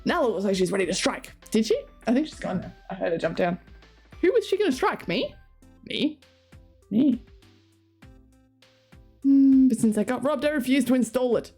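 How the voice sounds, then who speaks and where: A woman's voice: on the high side, animated, normal speed, pauses often, darkish tone, husky, soft background music. A woman streamer chatting casually and giggling as she reads chat and talks to her cats.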